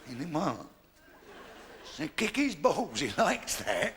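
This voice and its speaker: A man's voice: on the high side, sing-song, slow. A man doing bawdy stand-up comedy on a theatre stage, playing both sides of every exchange. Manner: brash, bawdy joke-telling, acting out both sides of each exchange. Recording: noisy live theatre recording.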